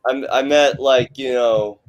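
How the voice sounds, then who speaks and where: A man on a live discussion panel who questions others skeptically, speaking haltingly with many restarts. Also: mid-range voice, fairly even intonation, rough recording. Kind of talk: casual group discussion.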